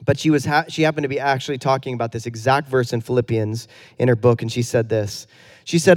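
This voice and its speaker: A pastor in his thirties delivers a sermon in a relaxed, conversational storytelling style with self-deprecating humor. He talks fast in a mid-range voice.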